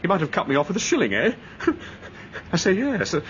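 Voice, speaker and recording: An actor playing a bitter, touchy English ex-soldier with an edgy, resentful manner, in an old radio drama. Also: male voice, high-pitched, wildly swooping pitch, a bit bright, a little hiss or hum, exaggerated voice. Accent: upper-class English. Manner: edgy, resentful, quick to flare up. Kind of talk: 1930s-style radio drama acting. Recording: dull old radio recording.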